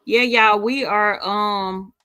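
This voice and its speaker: A woman's voice: medium pitch, steady tone, takes it slowly, sharp tone, clear, resonant tone, no room sound, clean studio sound. A middle-aged woman hosting a casual livestream, reading viewer comments and telling sassy stories. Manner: sassy, storytelling, reads viewer comments aloud. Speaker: livestream host.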